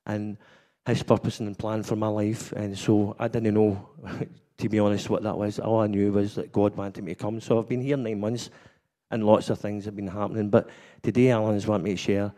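A man's voice: fairly low pitch, warm tone. A Scottish man giving a personal testimony in church, telling his story in a chatty way and laughing often. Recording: long hall reverb.

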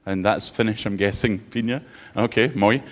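A man's voice: lowish voice, moderate pace. A man, a pastor giving an interactive sermon and bantering playfully with his congregation.

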